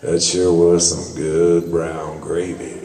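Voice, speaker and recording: Guy imitating his huge tall texan pal, super deep slow drawl, roomy hall from far off. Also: flat delivery, dark tone. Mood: contented. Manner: slow, drawling, savoring each word.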